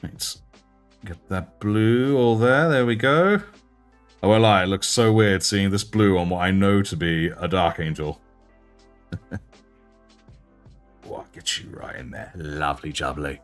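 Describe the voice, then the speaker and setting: A deep-voiced young British man chats loosely as a livestream host. His talk is chatty and self-mocking, and his pitch sits on the low side. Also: unhurried, pauses often, faint music behind. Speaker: livestream host and miniature painter. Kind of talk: casual livestream chat.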